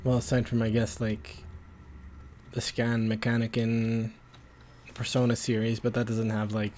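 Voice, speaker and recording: A man's voice: medium pitch, completely flat delivery, unhurried, darkish tone, slight background noise. A man streaming a game, chatting casually with rambling, stumbling commentary. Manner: rambling, self-correcting, stumbles over words.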